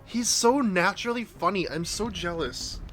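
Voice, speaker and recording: A man's voice: sits high, animated, moderate pace, music in the background. A man livestreaming a video game, chatting casually and often breaking into laughter. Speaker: game streamer. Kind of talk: casual chat while livestreaming.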